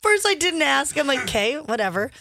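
A woman's voice: high voice, big pitch swings, brisk, pushed and bright, dry recording, studio quality. A woman co-hosting, telling an amused story in a chatty way. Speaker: show co-host. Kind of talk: casual chat.

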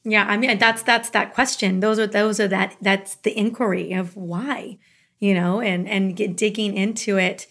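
A woman's voice: mid-range voice, fairly even intonation, normal speed, a bit bright. Curious woman hosting an interview. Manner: curious, hedging, casual fillers. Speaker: host. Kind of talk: interview conversation.

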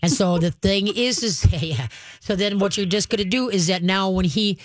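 A dog-training host on a call-in radio show talks a caller through the routine one step at a time. The delivery is folksy and emphatic, at a medium pitch. The voice sits close and dry, with no room sound. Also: moderate pace, no echo.

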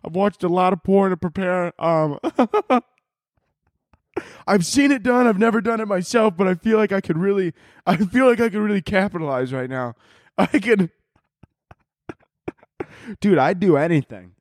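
A man's voice: high-pitched, unhurried, pauses often, dry recording, studio quality. A man in his twenties hosting a podcast, ranting casually with lots of swearing and laughter. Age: 20s. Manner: profane, rambling, laughs often. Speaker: podcast host. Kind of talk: casual comedic rant.

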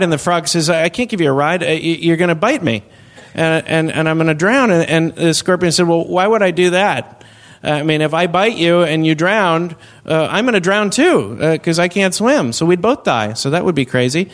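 A man hosting a comedy podcast, telling a rambling story in a halting way with many fillers. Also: a little high, animated.

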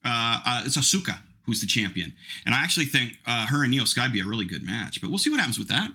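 A man's voice: medium pitch, very animated, fast talker, sharp tone, breathy edge. A middle-aged man hosting a podcast, chatting casually in a rambling, self-mocking way. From Canada. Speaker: podcast host. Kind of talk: casual chat.

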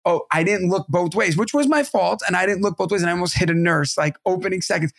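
A man in his thirties co-hosting a podcast, telling animated, profane family stories in casual chat. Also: sits high, fast, creaky, dry recording, studio quality. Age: 30s. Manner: animated, swearing, acts out family voices. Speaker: podcast co-host.

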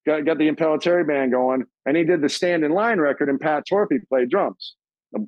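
A middle-aged man telling stories as an interview guest, casual and profane, acting out quoted voices in a higher pitch. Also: fairly quick, dry recording, lo-fi sound.

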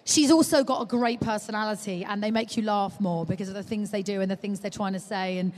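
A woman's voice: mid-range voice, fast. A woman chatting as a podcast guest about motherhood, telling stories animatedly and acting out what people said. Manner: animated storytelling, acting out quotes. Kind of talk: live podcast chat. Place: live stage at a large exhibition hall. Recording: long reverb of a large hall.

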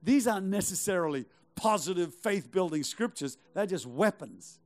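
His voice sits high, expressive and a little mellow, moving at a moderate pace. This middle-aged pastor preaches emphatically, pressing the congregation with rhetorical questions and repeated phrases.

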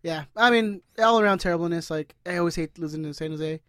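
A man's voice: fairly high pitch, fast talker, a bit bright, smooth, dry recording, studio quality. Laid-back teasing male co-host. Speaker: podcast co-host. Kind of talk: casual chat.

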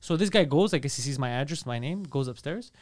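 A man hosting a podcast in casual chat, telling stories in an animated way and swearing freely. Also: a little high, fast. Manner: profane, animated storytelling. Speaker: podcast host.

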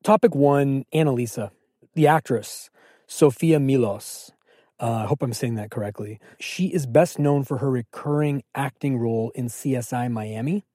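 A man's voice: medium pitch, normal speed, warm tone, no echo, clean studio sound. A man hosting a podcast in casual chat, self-deprecating and sometimes fumbling for words. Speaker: podcast host.

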